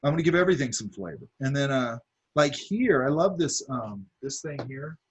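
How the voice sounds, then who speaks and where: A man's voice: medium pitch, expressive, moderate pace, breathy edge. A man teaching a drawing class, talking casually as he sketches, with lots of fillers and asides. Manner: talks while drawing, many fillers and asides. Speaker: art instructor.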